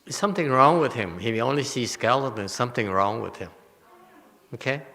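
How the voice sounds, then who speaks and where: A man giving a Buddhist Dharma lecture, animated and teasing, laughing often as he answers questions. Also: mid-range voice, a little fast, creaky. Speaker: Buddhist teacher. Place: temple hall. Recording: long hall reverb.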